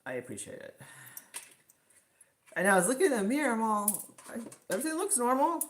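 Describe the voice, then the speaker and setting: A woman's voice: a little high, huge pitch swings, fairly quick. A woman chatting casually as host of a livestream from her home kitchen, rambling with lots of fillers. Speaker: live stream host.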